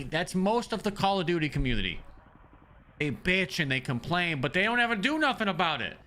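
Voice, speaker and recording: A young male game streamer with a high, bright voice. He rants fast and profanely, often stumbling over restarts. He talks straight to his chat. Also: sing-song, a little hiss or hum. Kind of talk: profane live-stream rant.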